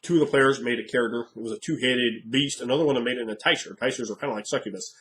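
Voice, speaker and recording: Male game master, casual rambling monologue, frank, mid-pitched. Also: racing, hardly any pauses, fairly bright tone, a little hiss or hum. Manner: frank, rambling, thinking aloud.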